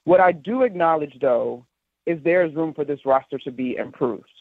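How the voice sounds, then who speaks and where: A woman basketball broadcaster calling in as a guest, telling stories with lively enthusiasm. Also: deep voice, moderate pace, no room sound. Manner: animated, enthusiastic storyteller. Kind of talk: casual sports talk on a call. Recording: tinny phone line.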